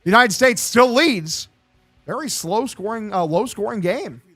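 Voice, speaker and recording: A man's voice: sits high, expressive, a little slow, sharp tone. A young man streaming a baseball video game, calling plays like an announcer and ranting bluntly with lots of swearing. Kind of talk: casual gaming stream commentary.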